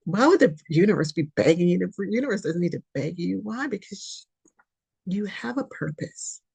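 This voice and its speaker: A woman hosting a spiritual podcast, giving an impassioned reading that pleads and repeats itself, swinging from loud urging to soft near-whispers. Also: lowish voice, animated, normal speed, vocal fry, breathy edge. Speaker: podcast host, spiritual reader.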